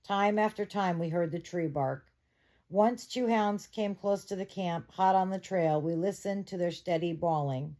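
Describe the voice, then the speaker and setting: A woman's voice: lowish voice, dark tone. A woman reading a novel aloud to her viewers at home, with chatty asides. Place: bedroom at home.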